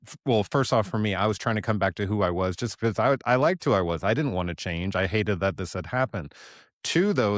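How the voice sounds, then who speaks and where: A man hosting a podcast, reflecting casually and thinking aloud with lively self-quotes. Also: lowish voice, no echo, clean studio sound. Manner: thinks aloud with fillers, animated when quoting himself. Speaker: podcast host.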